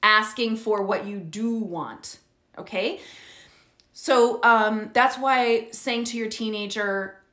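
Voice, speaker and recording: A woman's voice: a little high, slow, bright, forceful tone. A middle-aged woman coaching parents in an earnest teaching talk, often checking in with "okay?" and "right?". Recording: roomy echo.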